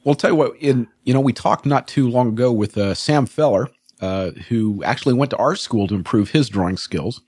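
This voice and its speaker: A man's voice: medium pitch, a little fast, hardly any pauses, a little mellow, husky, no room sound, clean studio sound. A man hosting a casual discussion, thinking aloud with lots of fillers. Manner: thoughtful, many fillers, steering the topic.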